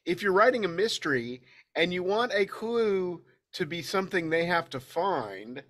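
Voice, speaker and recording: A man who works as an editor, speaking on a writing panel in a relaxed, chatty way with a few restarts. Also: sits high, moderate pace. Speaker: editor and writer. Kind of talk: conversational panel talk.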